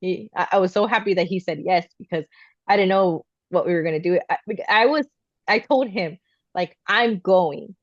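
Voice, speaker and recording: A woman's voice: on the low side, a little fast, dry recording, lo-fi sound. A woman in her thirties co-hosting a podcast, telling a personal story casually and acting out what her family said. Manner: animated, acts out quoted voices of family. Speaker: podcast co-host.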